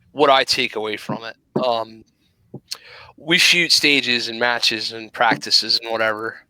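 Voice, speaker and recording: A man's voice: medium pitch, pushed and bright, a little hiss or hum, poor audio. A man hosting a casual podcast, talking bluntly and enthusiastically with plenty of slang. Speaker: podcast host. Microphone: remote podcast mic.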